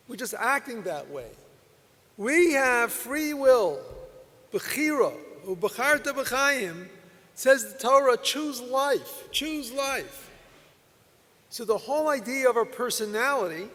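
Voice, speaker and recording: An older man, a rabbi, giving a Torah lecture at a convention in a folksy storytelling way. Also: very high voice. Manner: folksy storytelling with soft laughs. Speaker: rabbi speaker. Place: convention hall. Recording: long hall reverb.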